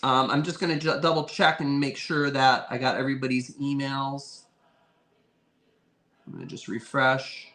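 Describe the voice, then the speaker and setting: A man's voice: mid-range voice, fairly even intonation, normal speed, sharp tone. A man hosting a live online vintage sale, chatting casually and thanking his viewers often. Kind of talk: casual live-stream chat.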